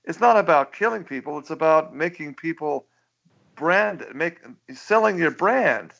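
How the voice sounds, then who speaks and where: A man's voice: a little high, animated, a little slow, vocal fry, a bit bright, voice pushed up, exaggerated voice. A man voicing a smug male schemer who lectures condescendingly, over muffled lo-fi radio audio. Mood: lecturing.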